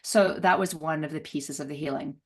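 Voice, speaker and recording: A middle-aged woman telling a personal story as an interview guest, laughing often and acting out voices with big jumps in pitch. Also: brisk. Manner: laughs often, many fillers.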